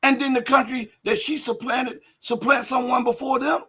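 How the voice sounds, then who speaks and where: A man hosting a livestream, reading viewer chat and commenting emphatically, firing rhetorical questions and building up to shouting. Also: extremely high pitch, flat delivery, moderate pace, few pauses, breathy edge. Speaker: livestream host.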